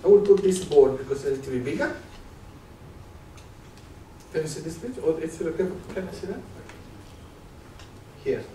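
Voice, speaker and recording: Male conference presenter, fairly high voice, engaging the room with questions, echoey hall picked up from a distance. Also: animated, moderate pace, pauses often, dark tone. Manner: engaged, quizzes the audience with questions. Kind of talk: live stage talk with demonstration. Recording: echoey room, distant mic, faint noise.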